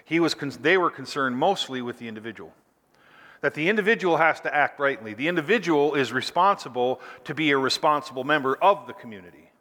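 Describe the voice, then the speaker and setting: A man's voice: a little high, pushed and bright, big-room sound. A man preaching a sermon as pastor, stretching key phrases out for emphasis.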